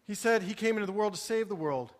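A man with a high voice preaches a sermon, earnest and pleading. He drops to quiet reflection, then builds to emphatic appeals. The sound rings with the long reverb of a large sanctuary. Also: fast talker. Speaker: pastor.

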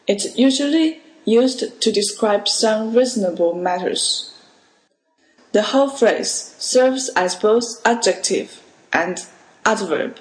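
Slow, careful woman teaching a language. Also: a little high, darkish tone, reverberant, poor audio. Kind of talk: podcast language lesson.

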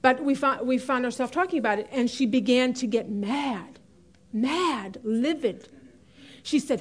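A woman's voice: sits high, measured pace, husky. A middle-aged woman teaching a women's Bible study class in a chatty way, often laughing and stressing key words.

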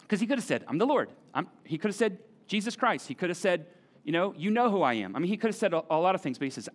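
A middle-aged man preaching a sermon in a church, talking conversationally and repeating key phrases for emphasis. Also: a little high. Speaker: pastor. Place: church auditorium.

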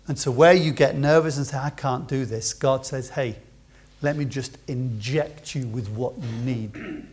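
A man preaching a sermon to his congregation, building to loud emphatic peaks and then dropping to quiet asides. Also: medium pitch, unhurried, slight background noise. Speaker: pastor. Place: church.

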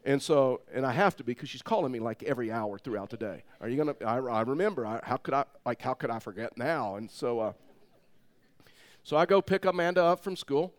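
A middle-aged man preaching, telling a personal story in an animated way and laughing as he goes. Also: mid-range voice, a little fast. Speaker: pastor. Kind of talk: sermon storytelling.

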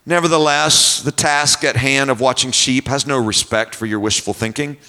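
Bright-voiced preacher telling a vivid story. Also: male voice, mid-range voice. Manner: imaginative, descriptive, unhurried. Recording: long hall reverb.

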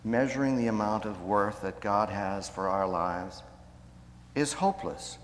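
A man preaching a sermon in a measured way, slowing down to stress key phrases. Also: lowish voice, big-room sound, slight background noise. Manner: measured, slows down for emphasis.

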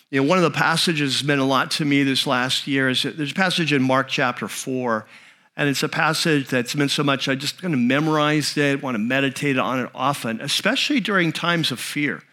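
A man preaching a sermon, telling a story in an animated, conversational way with frequent restarts. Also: mid-range voice. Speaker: pastor.

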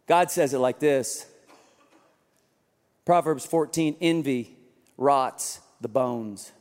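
A man's voice: mid-range voice, takes it slowly, a little mellow. A male pastor preaching a sermon, mixing scripture with self-deprecating, humorous stories. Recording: long hall reverb.

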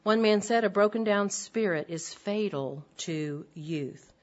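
A woman's voice: medium pitch, unhurried. An older woman giving an earnest, direct Bible lesson to women, with frequent ums. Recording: dull lo-fi recording.

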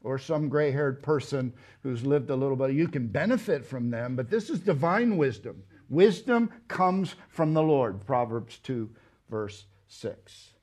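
A man preaching a sermon, emphatic, with rhetorical questions and loud stressed words. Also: mid-range voice, animated, measured pace. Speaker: pastor. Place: church.

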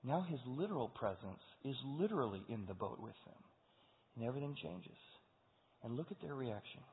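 Animated preacher in an echoing hall. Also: male voice, mid-range voice, normal speed. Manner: animated storytelling, acting out characters. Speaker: pastor. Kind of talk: sermon. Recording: echoey hall over a tinny phone-like line.

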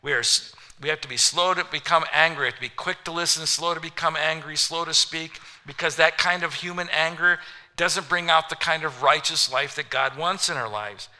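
A man preaching a sermon, animated, acting out little voices and scenes for the congregation. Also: on the high side, brisk. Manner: animated, acts out voices of passengers and kids. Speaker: pastor.

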